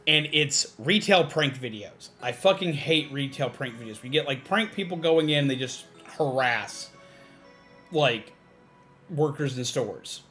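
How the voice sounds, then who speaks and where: A man with a medium-pitched, slightly bright voice streams a game and rants casually. His talk rambles, is profane, and is full of fillers.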